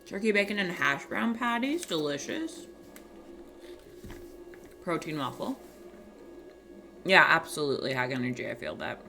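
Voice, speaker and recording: A young woman chats to her viewers in a quiet morning voice, slow and unhurried. Her tone is bright and her pitch swings freely. Faint music plays behind her small desk microphone. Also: sing-song, gravelly, a little hiss or hum. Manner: soft-spoken, chatty, reading out chat messages. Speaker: livestream host. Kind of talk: casual chat with stream viewers.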